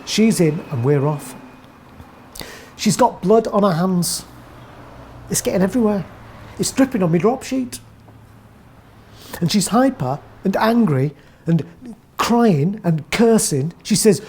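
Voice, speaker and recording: Deadpan English woman telling a story. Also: medium pitch, measured pace, long pauses, slight background noise. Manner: deadpan, wry, rambling. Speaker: narrator. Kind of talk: first-person comic monologue.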